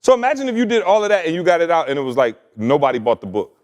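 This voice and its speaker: A man's voice: on the high side, racing. A man hosting a podcast, teasing and joking in casual banter. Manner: teasing, animated, jokey. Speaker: podcast host.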